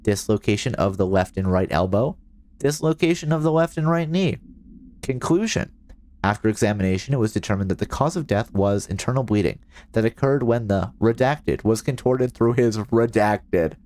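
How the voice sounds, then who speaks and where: A man's voice: fairly low pitch, expressive, moderate pace, a little mellow. A man streaming a video game, joking around and reading in-game documents aloud. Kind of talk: casual gameplay commentary.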